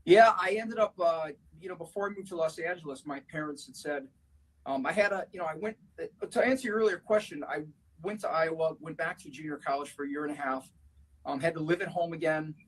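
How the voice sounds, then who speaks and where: A man from Chicago answers interview questions with a slightly higher, husky voice. He talks reflectively and fills the pauses with fillers. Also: rough recording. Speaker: guest.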